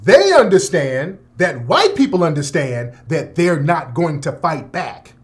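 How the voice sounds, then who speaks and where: Unhurried and fairly high-pitched, this talk radio host lays out his opinions in a profane monologue. He stays animated, laughs, and mocks others with put-on voices.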